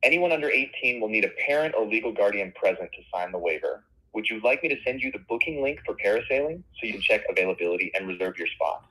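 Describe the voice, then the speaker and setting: A man's voice: on the low side, lively intonation, fast, sharp tone. A man's synthetic voice speaking as an upbeat, polished customer service phone agent. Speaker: AI voice agent for a tour company. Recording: phone-line sound.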